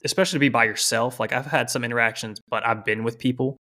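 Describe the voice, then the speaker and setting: A man's voice: medium pitch, steady tone, fast, sharp tone. A man hosting a podcast, reacting with enthusiasm and asking questions in a casual interview style, full of "like"s. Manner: enthusiastic, with many "like"s and repeated words. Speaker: podcast host.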